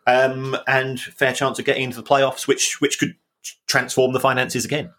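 A man's voice: mid-range voice, level tone, moderate pace, bright, forceful tone. A man with a South East London accent explaining football finance, hesitant and full of restarts. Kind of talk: casual chat.

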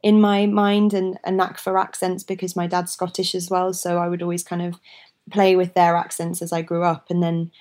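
Interview guest: woman in her twenties, casual, giggly, lots of fillers, low-ish pitch. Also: completely flat delivery, normal speed, a little mellow. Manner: chatty, laughs often, many hedging fillers. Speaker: actress, guest.

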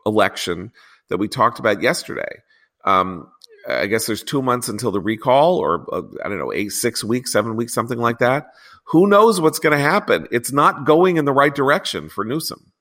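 A man hosting a political podcast, talking in a rambling, animated way that keeps breaking off and restarting. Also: medium pitch. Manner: rambling, animated, self-interrupting. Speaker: podcast host. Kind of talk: political discussion.

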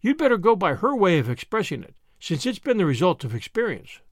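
A man's voice: high voice, very animated, fairly quick, no echo, clean studio sound. Earnest young woman, as a male narrator voices her. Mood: gentle.

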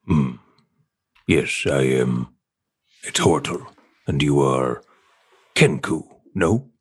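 A man voicing a slow, deep, calm male turtle-folk adventurer who ponders with a measured "hmm". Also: full character voice. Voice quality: husky.

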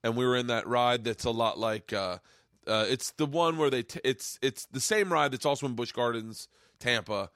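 A man hosting a podcast, telling a story with excitement, swearing often and acting out the people in it. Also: medium pitch, moderate pace, no echo, studio quality. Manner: excitable, swears a lot, acts out voices in stories. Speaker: podcast host. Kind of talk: casual chat, animated storytelling. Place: home man cave studio.

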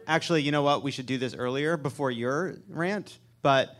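A man's voice: medium pitch, normal speed, fairly bright tone. A man hosting a live comedy show, playful and laughing as he moves between segments. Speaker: host.

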